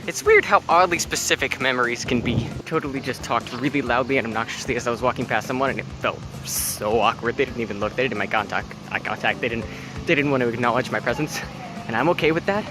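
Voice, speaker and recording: Playful young man vlogging over music. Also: mid-range voice. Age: young adult. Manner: playful and jokey, slipping into silly voices. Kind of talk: casual vlog narration. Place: outdoors on a college campus and in a car. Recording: music playing under the voice.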